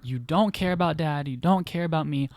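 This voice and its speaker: Guy doing a fed-up young sister nagging her brother, smooth voice, pretty dry sound. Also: mid-range voice, steady tone, takes it slowly, a little mellow, no room sound. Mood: scolding. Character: exasperated young woman scolding her brother.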